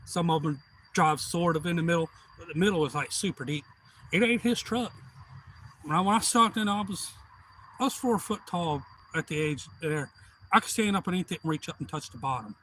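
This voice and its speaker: A middle-aged man with a drawl rambles through a long story on a live stream, cussing freely and circling back on himself. His voice sits a little higher than most men's. A faint hum runs underneath. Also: fairly quick, a bit bright. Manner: profane, meandering, folksy.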